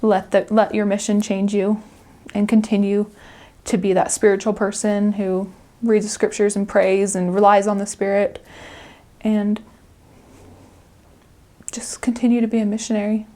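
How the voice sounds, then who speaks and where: A woman's voice: mid-range voice, flat delivery, normal speed, warm tone. A young adult woman, a returned missionary, speaking earnestly and chattily in an interview and often breaking into laughter. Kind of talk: interview reflection.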